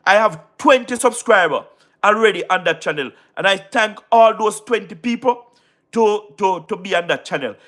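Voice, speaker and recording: Jamaican man, high voice, bright tone, live-stream chatter, repetitive and emphatic. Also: lively intonation, normal speed. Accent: Jamaican Patois. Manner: repetitive, keeps asking "you understand what I mean", emphatic. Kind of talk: casual live-stream commentary with viewer shout-outs.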